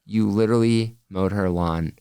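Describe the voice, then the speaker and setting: Eager young host, deep dry voice. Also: male voice, warm tone, clean tone, no room sound. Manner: enthusiastic, quick reactions, filler "like". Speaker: podcast host. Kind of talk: casual interview chat.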